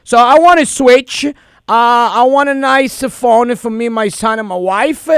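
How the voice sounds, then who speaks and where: Guy putting on a thick italian accent for a prank call, high smooth voice, rambles and mixes up words. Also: unhurried, no echo, clean studio sound. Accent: put-on heavy Italian accent. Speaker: radio host doing a prank call.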